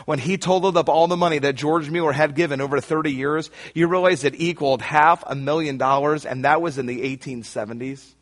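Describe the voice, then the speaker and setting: A man preaching a sermon, emphatic and rising to shouts on key lines, speaking straight to his listeners. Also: a little high, steady tone, fairly quick, few pauses. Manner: addresses listeners directly.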